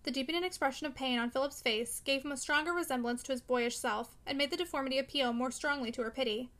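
A woman narrating a classic novel in a measured, steady reading. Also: high-pitched. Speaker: audiobook narrator.

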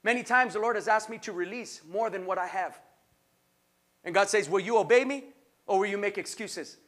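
High, bright-voiced impassioned male preacher. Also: moderate pace. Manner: impassioned preaching, shouting at peaks; rhythmic repetition, call-and-response. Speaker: pastor. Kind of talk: sermon.

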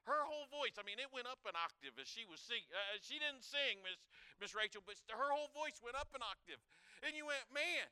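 Male pastor, higher pitch, crisp voice, earnest sermon with humorous stories and asides. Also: expressive, a little fast, sharp tone, no echo. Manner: earnest, often repeats and restarts words; humorous storytelling with asides to the congregation.

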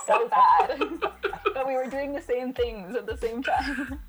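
A woman's voice: sits high, slow pace. A young woman guest on a podcast, chatting casually with an easygoing, giggly manner. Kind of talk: casual chat.

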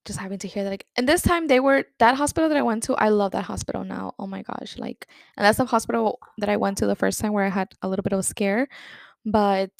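Speaking quickly with vocal fry in a mid-range voice, a young podcast host rambles candidly through her own story. She uses "like" constantly and slips in some Spanish words, and the recording is dry.

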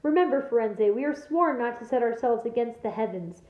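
Lady doing a proud angry centaur, booming and scornful, roomy muffled sound. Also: animated, brisk, close to an everyday voice. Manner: thundering, scornful.

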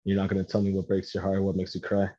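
A man co-hosting a podcast in casual chat, teasing and quick to laugh, with hesitant filler-heavy phrasing. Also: low voice, monotone, mellow, no echo, dull audio. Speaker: podcast co-host.

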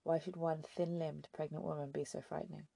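A woman reading a novel aloud as an audiobook narrator, in a steady, measured storytelling manner. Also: low-pitched, creaky. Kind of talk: scripted narration.

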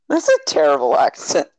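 A man's voice: on the high side, huge pitch swings, a little slow, no echo, poor audio. A young man co-hosting a casual podcast, teasing and throwing in silly lines. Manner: teasing, sing-song, jumps in with silly lines. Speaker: podcast co-host. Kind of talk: casual joking chat.

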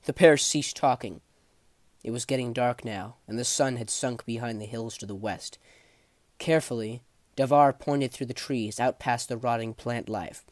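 A man narrating a fantasy novel chapter in a measured, dramatic storytelling manner. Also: mid-range voice, a little mellow, no echo. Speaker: audiobook narrator.

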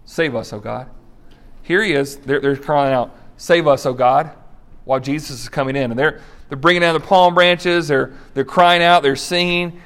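A man's voice: a little high, moderate pace, a bit bright. A man preaching a sermon, telling stories with acted-out voices and brief laughs. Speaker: pastor.

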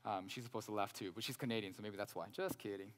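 Animated pastor preaching in a reverberant hall. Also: male voice, on the low side, quick pace. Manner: animated, joking asides. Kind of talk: sermon.

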